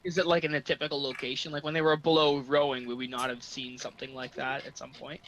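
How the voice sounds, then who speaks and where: A man's voice: mid-range voice, little pitch movement, fast talker, a bit bright, muffled recording, slight background noise. A man playing a tabletop game, pressing the game master with persistent, probing questions. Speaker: player. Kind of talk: casual tabletop game chat.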